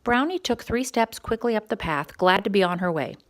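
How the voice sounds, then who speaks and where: A woman's voice: medium pitch, animated, fairly quick. Woman reading a children's story expressively.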